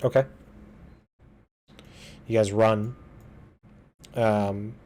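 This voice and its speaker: A man narrating as game master of a tabletop game, relaxed and hesitant. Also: on the low side, drawn-out words.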